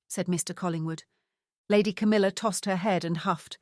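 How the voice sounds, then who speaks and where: A woman reading a first-person mystery audiobook in a steady, measured storytelling voice. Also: fairly low pitch, no room sound, studio quality. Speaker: audiobook narrator.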